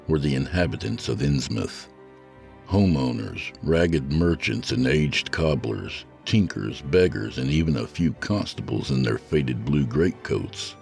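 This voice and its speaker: A man reading a horror story aloud as a podcast host, in a slow, ominous storytelling manner. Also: very deep voice, vocal fry, darkish tone. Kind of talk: scripted horror narration.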